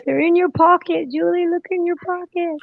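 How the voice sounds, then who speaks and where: A woman's voice: extremely high pitch, steady tone, normal speed, vocal fry, no echo, phone-quality sound. A woman on an art live stream, bantering in a teasing, encouraging way. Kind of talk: casual chat.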